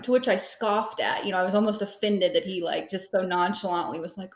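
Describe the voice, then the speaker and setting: A woman in her thirties talks through her story as a podcast guest. She rambles in a relaxed, conversational way and leans on plenty of fillers. Her voice sits at a middling pitch, and the room around her is echoey. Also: fast talker, few pauses. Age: 30s. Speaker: podcast guest, small business owner. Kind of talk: casual interview storytelling.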